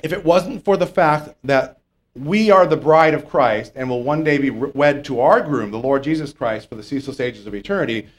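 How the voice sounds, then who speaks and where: A man preaching a sermon in a conversational way, often checking in with his listeners and swinging between loud and soft. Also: mid-range voice, moderate pace.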